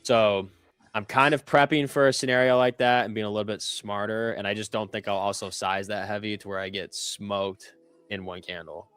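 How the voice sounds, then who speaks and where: Young guy rambling about his trades, lots of likes, lowish smooth voice, soft music behind. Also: steady tone, normal speed, dry recording. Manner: loose, rambling, lots of "like" fillers and self-corrections. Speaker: trader on a live trading stream. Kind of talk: casual chat.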